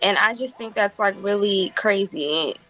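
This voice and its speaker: A woman's voice: mid-range voice, unhurried, fairly bright tone. A woman guest in a casual chat, easygoing and using lots of fillers. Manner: easygoing, laughs often, filler-heavy.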